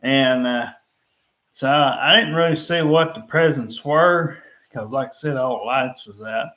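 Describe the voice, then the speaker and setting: A man's voice: medium pitch, measured pace, sharp tone, poor audio. A man in casual chat, explaining things in a rambling, folksy way. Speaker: live stream guest.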